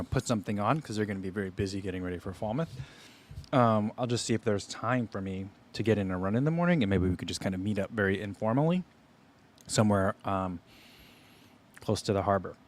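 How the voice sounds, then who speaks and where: This thirty-something running channel host talks quickly in a low voice while tasting food on a casual livestream. Relaxed and chatty, he sometimes speaks while chewing.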